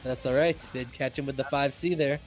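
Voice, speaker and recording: A man's voice: mid-range voice, steady tone, brisk, soft background music. A man doing play-by-play commentary on a fighting game tournament, breaking down plays analytically and speeding up when he explains. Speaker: esports commentator.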